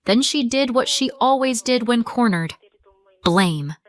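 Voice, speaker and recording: A woman narrating a scripted first-person family drama story in a measured, dramatic way. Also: on the high side, no room sound.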